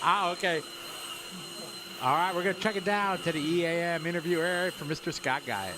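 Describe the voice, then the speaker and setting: A man from Wisconsin calls a race live in a chatty, upbeat way, joking with viewers and his co-host. His voice sits a little high, with faint noise underneath. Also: brisk. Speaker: race commentator.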